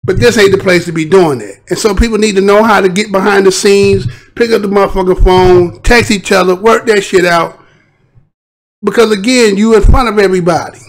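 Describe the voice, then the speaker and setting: A man with a high, gravelly voice, holding forth on a live stream. He speaks in blunt, emphatic street talk full of profanity and often turns to address his chat. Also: fairly even intonation, brisk. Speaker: livestream host.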